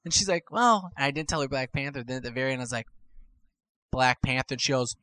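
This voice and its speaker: A man's voice: medium pitch, quick pace, dry recording. A man co-hosting a casual podcast chat, telling an anecdote and acting out the people in it. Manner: animated, acts out quotes with shifting voices. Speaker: podcast co-host. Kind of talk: casual storytelling.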